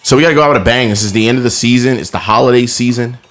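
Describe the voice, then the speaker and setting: A man co-hosting a podcast in casual chat, telling stories with lively bursts and put-on sales-call voices. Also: mid-range voice, very fast. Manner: animated storyteller, slipping into phone-sales voices. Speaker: podcast co-host.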